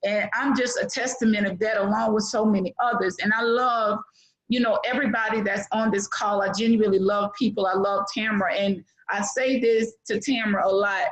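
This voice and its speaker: A woman's voice: medium pitch, steady tone, brisk, poor audio. Heartfelt middle-aged woman on a call. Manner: heartfelt, preachy, many fillers. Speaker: webinar participant giving a testimonial. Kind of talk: emotional testimonial. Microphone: online call.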